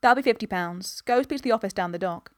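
A woman voicing a mocking male dock ticket clerk with a slow drawl. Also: medium pitch, dry recording, studio quality, close to an everyday voice.

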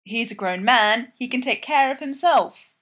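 A woman's voice: on the high side, lively intonation, measured pace, fairly bright tone, pitched above the performer's own voice. A woman reading aloud, voicing a resigned, exasperated male teammate who insists on his point. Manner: insistent, put-upon.

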